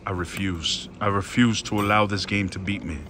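A man commenting excitedly on his own slot machine play, talking to his viewers and swinging between hushed worry and loud outbursts. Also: lowish voice, normal speed, noisy background.

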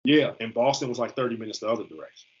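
A man in his thirties from the US East Coast, a football player telling his story as a guest on an interview show. He talks in an animated, slangy way. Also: mid-range voice, racing. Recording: slightly muffled lo-fi recording.

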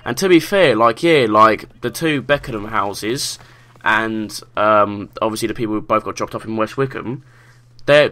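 Young South London guy, slangy and sweary storyteller, lowish bright voice. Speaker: vlogger. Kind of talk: casual storytelling.

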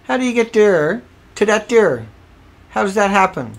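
A man's voice: high-pitched, big pitch swings, moderate pace, gravelly. A man hosting a livestream, arguing his point emphatically and repeating himself. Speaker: livestream host. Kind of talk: casual livestream commentary.

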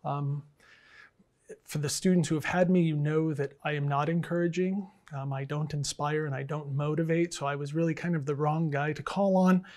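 A man, an English professor and department chair, telling bad jokes to students in a dry, deadpan way with lots of fillers. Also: on the high side, moderate pace. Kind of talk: casual joke-telling address to students.

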